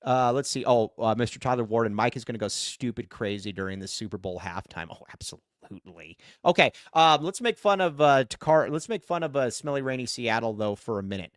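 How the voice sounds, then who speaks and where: A man co-hosting a casual sports podcast livestream, talking in an excitable way and reading viewer comments aloud. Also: mid-range voice, brisk, few pauses, dry recording, studio quality. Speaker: podcast co-host.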